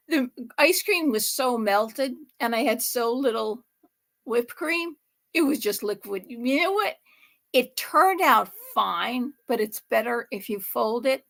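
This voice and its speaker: A woman's voice: fairly high pitch, animated, unhurried, vocal fry, fairly bright tone. A woman hosting a home cooking show, talking through a recipe in a chatty, rambling way that wanders off topic and corrects itself. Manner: chatty, digressive, self-correcting with laughs.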